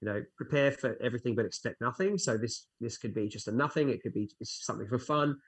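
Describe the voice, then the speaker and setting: A man's voice: mid-range voice, fast talker. A young man, a fitness instructor guest chatting casually in an interview and acting out his own inner voice as he tells stories. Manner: animated storyteller who acts out his own inner voice.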